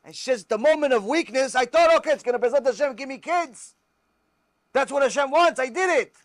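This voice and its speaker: A remorseful young wife confesses to her husband in a rush, pleading and apologetic, as a man voices her in his story. Her voice sits high and pushes loud. It sounds close and dry. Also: brisk, dry recording, lightly acted.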